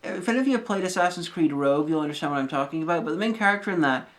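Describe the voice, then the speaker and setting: A woman's voice: deep voice, animated, very fast. A woman co-hosting a casual chat, blunt and sweary, ranting in exasperation. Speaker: co-host.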